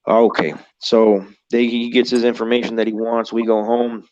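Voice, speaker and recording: A man in his thirties, his medium-pitched voice a little mellow and fairly monotone, tells a rambling, profane encounter story at a moderate pace as a guest, acting out others' lines. There's no room sound, and the audio is dull and muffled.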